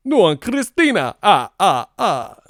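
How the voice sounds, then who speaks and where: A man putting on a theatrical male vampire count narrator with a drawn-out counting laugh, loud and slow. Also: high-pitched, big pitch swings, dry recording, studio quality, voice pushed up, heavily acted. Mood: gloating.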